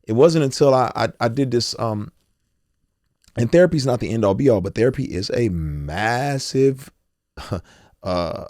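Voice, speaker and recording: This rapper, a guest on a podcast, speaks with a medium-pitched, expressive, somewhat mellow voice at a slightly slow pace, recorded in a dry studio with no room sound. He's earnest and emotional, often quoting his own thoughts, and his loose delivery repeats words and restarts phrases.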